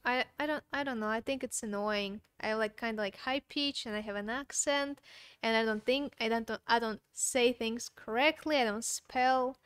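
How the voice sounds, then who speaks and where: High, clear-voiced woman with a foreign accent. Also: steady tone, moderate pace, fairly bright tone, no echo. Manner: hesitant, reads comments aloud. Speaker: co-host reading viewer comments. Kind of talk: casual live-stream chat.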